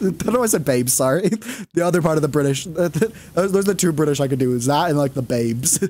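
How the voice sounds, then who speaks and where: Rambling, animated male streamer. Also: fairly high pitch, a little slow. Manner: rambling, lots of fillers and laughs. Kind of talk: casual chat.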